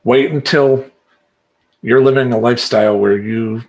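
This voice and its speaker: A man talking as a life coach in a motivational monologue, emphatic and animated, chanting affirmations in rhythmic repetition. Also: mid-range voice, normal speed.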